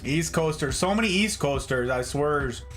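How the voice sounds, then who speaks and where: A man from Nevada chatting casually on a livestream as he reads his chat, joking and swinging between high and low voices. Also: lively intonation, moderate pace, a bit bright, faint music behind. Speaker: streamer reading chat.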